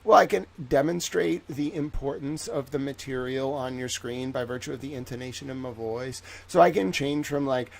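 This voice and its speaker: A man hosting a livestream in a rambling, jokey way, swinging between loud bursts and soft asides. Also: mid-range voice, normal speed, gravelly, hardly any pauses, a little hiss or hum. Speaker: livestream host. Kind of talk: casual livestream chat.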